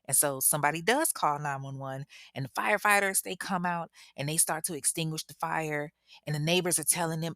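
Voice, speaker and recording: Lady telling a crime story casual, lowish bright voice, talks right to you. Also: a little fast, dry recording, clean studio sound. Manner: chatty, addresses listeners directly.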